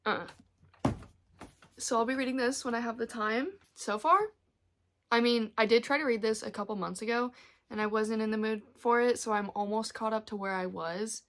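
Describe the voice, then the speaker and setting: A woman's voice: fairly high pitch, steady tone, normal speed, a bit bright, no echo. A young woman chatting casually about books for her reading vlog, rambling and emotional, recorded in her car. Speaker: book vlogger.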